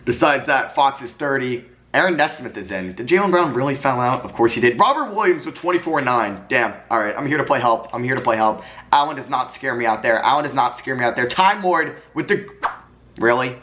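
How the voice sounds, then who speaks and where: A young man giving live commentary while playing a basketball video game, swinging from muttering to excited yelling. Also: mid-range voice, a little fast. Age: young adult. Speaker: gaming commentator.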